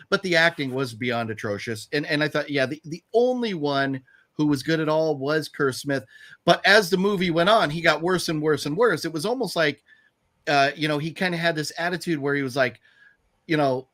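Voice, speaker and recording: A man's voice: fairly high pitch, animated, moderate pace, a bit bright. A man hosting a casual bad-movie podcast, rambling and ranting with profanity and mocking scenes. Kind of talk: casual chat.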